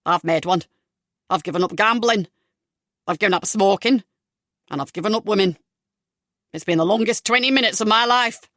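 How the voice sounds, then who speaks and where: A woman's voice: mid-range voice, normal speed, long pauses, no room sound, studio quality, close to an everyday voice. A woman doing a brash stand-up comic. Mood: jokey. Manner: loud, punchy joke-telling. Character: brash male stand-up comedian.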